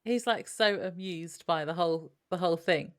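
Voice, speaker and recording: A woman's voice: lowish voice, normal speed. A woman co-hosting a podcast, recapping an episode in an easygoing way, with many fillers. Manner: easygoing, laughs often, filler-heavy. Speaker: podcast co-host.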